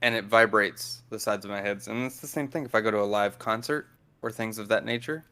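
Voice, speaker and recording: A man's voice: lowish voice, fairly quick, pushed and bright, smooth. A man in his thirties or older, a deaf guest explaining things patiently in casual conversation. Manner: patient, explanatory, chuckles while talking. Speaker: deaf guest on a study stream.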